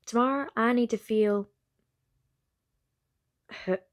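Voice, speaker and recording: A woman's voice: fairly high pitch, slow. A slightly tipsy woman in a put-on Southern American accent reads a first-person novel casually, with small stumbles and self-corrections. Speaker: amateur novel narrator.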